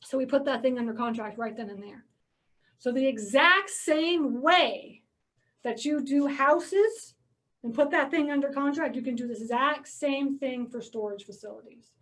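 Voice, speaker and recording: A woman from Georgia, US, a real estate investor speaking at a meeting, tells her audience a casual, chatty story about buying storage facilities, dropping "like" and "okay?" and acting out her phone calls. Her high, slightly bright voice moves at a moderate pace, far from the mic.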